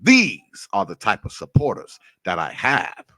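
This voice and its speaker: Guy running a livestream, shouting out chat, cussing and laughing, real animated, dry mic. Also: fairly low pitch, a little slow, dry recording. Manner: profane, laughing, shouting out viewers by name. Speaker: livestream host.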